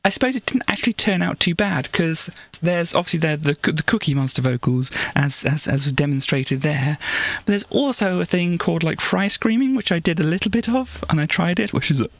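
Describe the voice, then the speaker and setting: A woman streamer talks casually on a live stream in a gravelly, fry-heavy voice. She rambles, restarts her sentences often and slips into playful put-on voices. The sound is dry and close, with little room in it. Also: on the low side, animated, a little fast, no room sound. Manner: rambling, with many restarts and laughs. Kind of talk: casual livestream chat.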